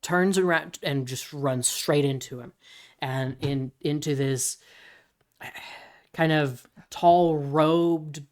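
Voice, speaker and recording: A podcast co-host talking casually, rambling and restarting while pitching story ideas. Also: slow pace, darkish tone. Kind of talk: casual brainstorming chat.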